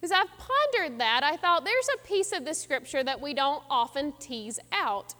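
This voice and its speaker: A woman pastor preaches with earnest reflection, her high voice rising and falling in a lively sweep. The sound carries a long reverb, as from a large hall. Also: normal speed. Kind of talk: sermon.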